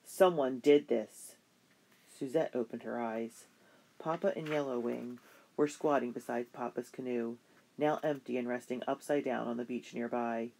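A middle-pitched voice reads a children's historical novel aloud. The delivery is steady, like a bedtime story, with only light voicing for the characters. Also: moderate pace, creaky. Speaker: narrator. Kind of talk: audiobook narration of a children's novel.

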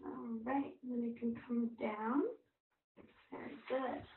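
Slow, gentle woman leading toddler yoga. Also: a little high, steady tone, gravelly, a little hiss or hum. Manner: gentle, encouraging, sing-song cues. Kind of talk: guiding a parent-child yoga class. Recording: distant, roomy, phone-like sound.

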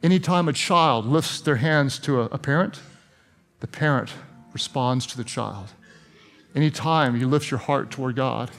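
A man's voice: medium pitch, creaky. A middle-aged man preaching as a pastor, telling stories earnestly and then praying with growing fervor. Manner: earnest storytelling, rising to fervent prayer. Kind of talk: sermon and prayer.

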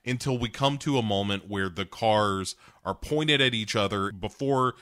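A man's voice: on the low side, moderate pace, fairly bright tone, no echo. A man co-hosting a podcast, walking through a movie's plot in casual chat, dry and mocking. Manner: wry storyteller, quoting the cat in mock voices. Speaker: podcast co-host.

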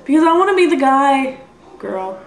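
Young woman, highish voice, rambling and apologetic, home vlog in an echoey room. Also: very animated, moderate pace. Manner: rambling, apologetic, self-deprecating. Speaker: vlogger. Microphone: built-in computer mic.

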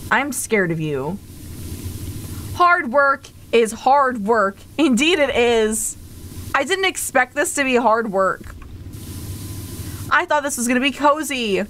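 Woman streamer, casual gaming chat, high voice, unhurried, overplays her reactions. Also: a bit bright, slight background noise. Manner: theatrical, exaggerated outbursts and groans.

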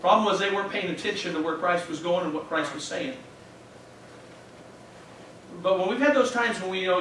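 A man's voice: high voice, moderate pace, long pauses, fairly bright tone. A man in his thirties, a pastor, preaching a sermon with an earnest, heartfelt personal story and interjected praise. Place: church sanctuary. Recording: echoey church from a distance, faint hum.

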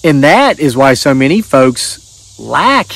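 A man's voice: medium pitch, big pitch swings, slow, vocal fry, fairly bright tone. A middle-aged man hosting his channel, chatting casually in a rambling, folksy way and reading out viewer stories. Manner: rambling, folksy, restarts often. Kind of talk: casual chat and reading aloud.

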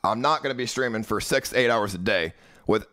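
A man's voice: fairly low pitch, a little fast, bright, forceful tone, slight background noise. A young man live streaming, ranting at his chat in a profane, agitated, repetitive way. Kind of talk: livestream rant at chat.

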